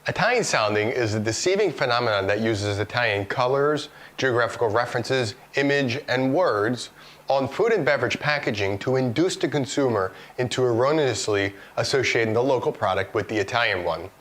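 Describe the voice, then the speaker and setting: A man's voice: medium pitch, animated, a little fast, fairly bright tone. A man presenting a video lesson, explaining product examples one by one in a scripted, instructive way. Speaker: course instructor.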